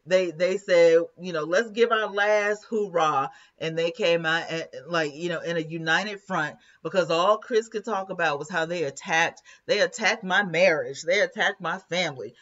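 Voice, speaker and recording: A woman's voice: lowish voice, normal speed, hardly any pauses, fairly bright tone, muffled recording. A woman hosting a live commentary stream, chatting casually, laughing often and reading viewer comments aloud.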